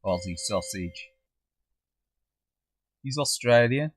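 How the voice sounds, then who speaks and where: A man's voice: mid-range voice, lively intonation, measured pace, long pauses, dry recording. Chatty Black Country man gaming live. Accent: Black Country English. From English Midlands. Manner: chatty, swears, drops into funny quoted voices. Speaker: livestream gamer. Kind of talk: casual chat while gaming, reading live chat.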